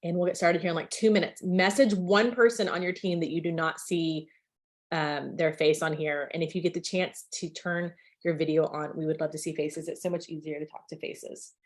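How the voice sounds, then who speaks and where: A woman's voice: low-pitched, fairly even intonation, moderate pace. Chatty woman hosting a video call. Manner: chatty, enthusiastic, many fillers. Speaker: meeting host.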